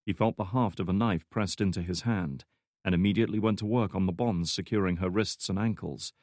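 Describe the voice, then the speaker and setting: A man narrating a thriller audiobook in a measured, even storytelling manner. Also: low voice, no echo, studio quality. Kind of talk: scripted narration.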